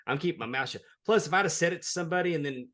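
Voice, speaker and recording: A man's voice: on the high side, very fast, fairly bright tone. A man, a wrestling referee, telling a heartfelt story in a casual interview. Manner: earnest, heartfelt, plain-spoken.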